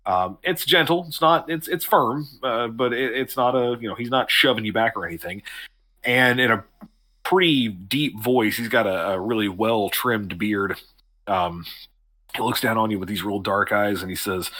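A man's voice: fairly low pitch, normal speed, sharp tone. A man narrating a tabletop game as game master, describing scenes in a rambling way with many ums and restarts.

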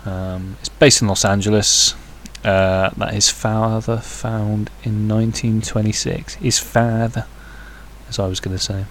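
A man's voice: on the low side, flat delivery, a little slow, slight background noise. A man hosting a podcast on his own, rambling casually with many hesitations and crude, jokey asides. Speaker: podcast host. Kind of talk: casual solo podcast chat.

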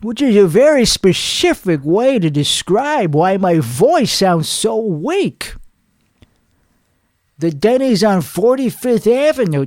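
A man playing a crude, boastful male singer, talking in a hoarse voice with a rambling, profane, cocky manner in a comedic character monologue. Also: high voice, dry recording, clean studio sound. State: hoarse from singing.

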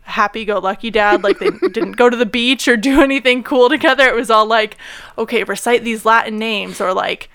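A woman's voice: a little high, a little fast, few pauses, fairly bright tone, smooth, no room sound. A young woman co-hosting a podcast, telling a story in casual chat, full of fillers and easy laughs. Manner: chatty, many "like" and "um" fillers, laughs easily. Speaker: podcast co-host.

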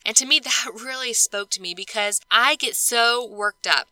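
A woman hosting a podcast, chatting casually about scripture study, animated and laughing often as she acts out her own thoughts. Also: on the high side, moderate pace, few pauses, no room sound, rough recording. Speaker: podcast host.

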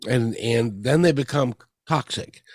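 An earnest male host chats casually with his guest, tripping over his first words before finding his point. His voice is mid-pitched and sounds dry and close. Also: unhurried, no echo. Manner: earnest, repeats words when starting. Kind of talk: casual interview chat.

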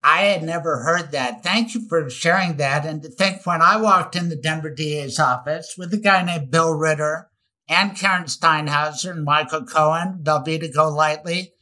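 A man's voice: on the high side, pushed and bright. A man in his sixties hosting an interview, asking probing questions with eager interest. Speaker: host, lawyer.

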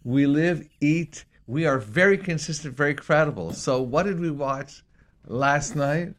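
A man co-hosting a casual talk show, rambling and excitable, with many restarts and repeated words. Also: fairly high pitch, measured pace. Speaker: co-host.

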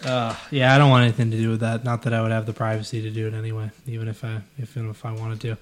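A man's voice: lowish voice, monotone, fast. A man hosting a casual chat, teasing his friends and laughing as he steers the talk.

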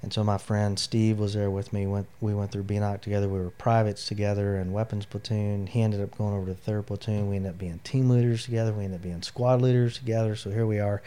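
A man's voice: fairly low pitch, little pitch movement, fast, few pauses, warm tone, clean tone. A middle-aged man, an army veteran, telling his personal story in an interview, candid and emotional, with lots of "you know" fillers. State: near tears.

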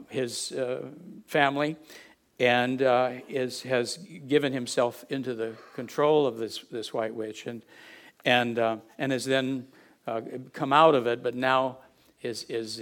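A man preaching a sermon, halting and restarting often, swinging from hushed asides to emphatic statements. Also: mid-range voice.

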